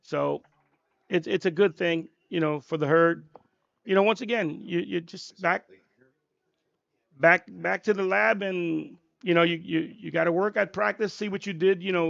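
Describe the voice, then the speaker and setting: A man with a fairly high, gravelly voice rambles through his analysis of a live football game, leaning on lots of fillers. The sound is dry and slightly muffled. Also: fairly even intonation, normal speed, no echo. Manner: rambling, many "you know" fillers. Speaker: color commentator.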